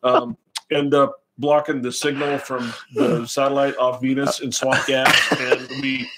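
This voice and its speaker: A man's voice: mid-range voice, level tone, unhurried, very noisy. An older man hosting a casual live racing stream, joking and rambling with crude asides. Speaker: host.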